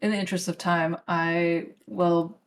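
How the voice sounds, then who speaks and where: Tentative woman player, slightly low voice. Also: little pitch movement, measured pace, a little hiss or hum. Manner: tentative, thinking aloud with fillers. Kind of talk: casual tabletop game play.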